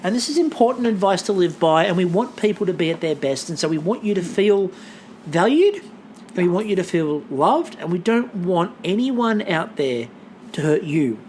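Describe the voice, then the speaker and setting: A man's voice: high-pitched, lively intonation, normal speed, a little mellow, a little hiss or hum. A young man co-hosting a podcast in casual chat, sarcastic and acting out quotes. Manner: sarcastic, acts out quotes with swooping voice. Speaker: podcast co-host.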